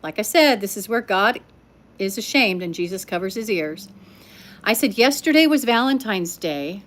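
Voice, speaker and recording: A woman's voice: medium pitch, moderate pace, fairly bright tone. An older woman telling a story to her live-stream viewers in a chatty, teasing way, talking straight to them. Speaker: livestream storyteller.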